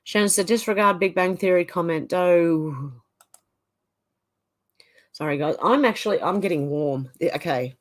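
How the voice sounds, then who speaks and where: Reading live chat comments out loud, an Australian host reacts in a casual, chatty way. She speaks at a moderate pace in a lowish voice and pauses often.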